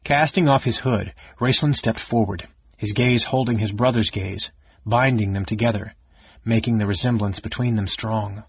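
Male audiobook narrator, steady, low-pitched, husky, dull dry recording. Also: normal speed, dry recording. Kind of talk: scripted narration of a fantasy novel.

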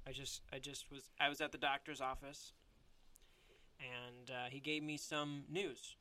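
Man voicing a soft, halting policewoman. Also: medium pitch, level tone. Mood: hesitant. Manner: hesitant, halting. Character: woman police officer confessing news, soft-spoken.

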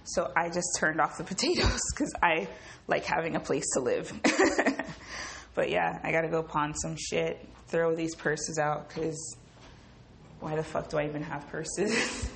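A young woman hosting a casual solo podcast, telling stories in a profane, animated way and acting out what people said. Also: low voice, unhurried, gravelly, slight background noise. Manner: profane, animated storytelling with quoted voices. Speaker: podcast host.

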